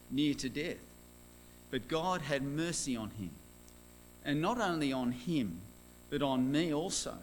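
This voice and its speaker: A man reading a Bible passage aloud in church, measured and solemn. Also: medium pitch, slight background noise. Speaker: scripture reader.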